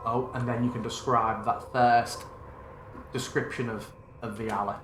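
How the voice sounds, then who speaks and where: Male game master, mid-range voice, relaxed running commentary with roomy echo. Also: mid-range voice, normal speed, noisy background. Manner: thinks aloud, casual, self-correcting. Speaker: game master demonstrating a virtual tabletop. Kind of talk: live screen-recorded tutorial.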